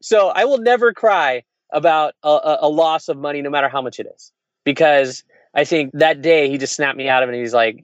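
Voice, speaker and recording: A man and entrepreneur telling candid stories in casual conversation, frank and animated, acting out quoted voices. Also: on the high side, brisk, no echo, dull audio.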